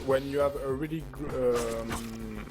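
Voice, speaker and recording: Halting French-accented man on a call. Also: medium pitch, music in the background. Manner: halting, many fillers. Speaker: guest on voice call. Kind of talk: casual chat.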